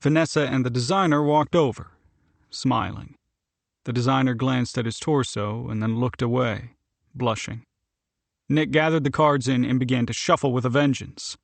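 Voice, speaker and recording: Gravelly male audiobook narrator. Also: mid-range voice, no echo. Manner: even, measured storytelling. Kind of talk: scripted narration.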